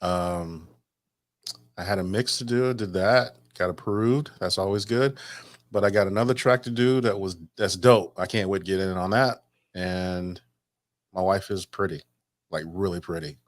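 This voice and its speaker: A man's voice: deep voice, steady tone, normal speed, no echo. A man co-hosting a podcast in casual chat, laid-back and joking, rambling through his stories. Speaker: podcast co-host and DJ.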